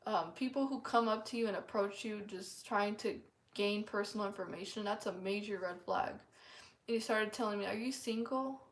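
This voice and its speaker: A woman's voice: mid-range voice, fairly even intonation, moderate pace. A woman earnestly sharing a personal testimony in a casual, rambling way, full of "like" fillers. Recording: echoey room.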